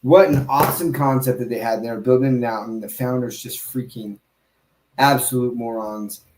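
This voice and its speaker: A man hosting a casual podcast, talking in an animated, emphatic way with quick asides and restarts. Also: mid-range voice, echoey room, background noise. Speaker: podcast host. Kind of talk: casual crypto podcast chat.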